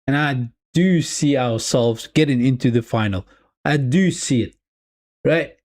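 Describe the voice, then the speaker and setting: A man streaming live football watch-along commentary, chatty, repeating his phrases and calling his viewers "people", swinging between excitement and deflation. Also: mid-range voice, unhurried.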